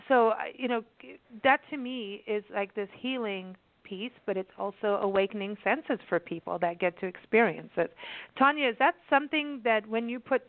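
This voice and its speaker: A woman's voice: a little high, normal speed, no echo. A woman radio host in a conversational interview, enthusiastic and rambling, often restarting her sentences. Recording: tinny phone-line sound.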